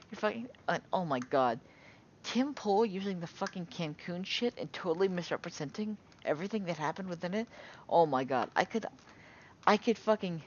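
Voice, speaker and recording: A woman's voice: fairly low pitch, lo-fi sound, a little hiss or hum. A woman delivering a heated, profanity-filled political rant, often restarting her sentences and sighing in frustration. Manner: agitated, swearing constantly, frequent restarts and sighs. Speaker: political commentary vlogger.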